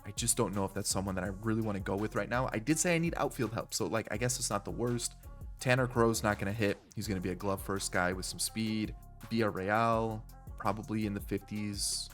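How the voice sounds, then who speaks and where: A man's voice: on the low side, a little fast, soft background music. A stuffy, congested young man casually commenting on a baseball game while weighing his options aloud. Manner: thinking aloud, weighing options, trailing restarts. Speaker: gaming YouTuber.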